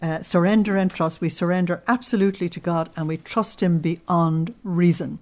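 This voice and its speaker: A woman religious teacher giving a spoken sermon in an earnest, unhurried way, weaving in personal stories. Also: fairly low pitch, fairly even intonation, darkish tone.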